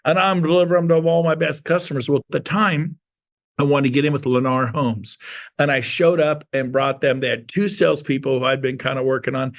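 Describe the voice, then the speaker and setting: Gravelly, animated male sales speaker. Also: medium pitch, fairly quick. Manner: animated storyteller acting out dialogue; punchy, playful, folksy. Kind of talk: storytelling talk to an audience.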